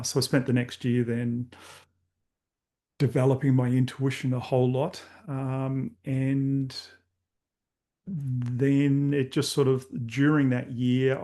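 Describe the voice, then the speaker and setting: Gravelly older Australian man. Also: medium pitch, mellow. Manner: candid, rambling anecdotes with many fillers. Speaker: podcast host guest. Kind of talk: casual storytelling interview.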